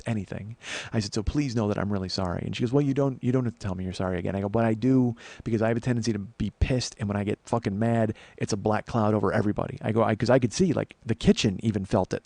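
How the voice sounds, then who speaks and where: Brief: man, forties, podcast host, rapid and profane storyteller, dry close mic, middle pitch. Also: creaky, warm tone, dry recording. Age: 40s. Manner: profane, heated retelling with acted-out quotes. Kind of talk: casual storytelling monologue.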